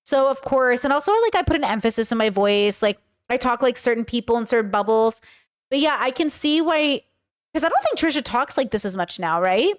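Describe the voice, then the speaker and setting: Californian woman thinking out loud on a reaction vid, kinda high voice, rambly and chatty. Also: lively intonation. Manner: chatty, self-reflective, drawn-out musing. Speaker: host reacting to a clip. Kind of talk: reaction commentary.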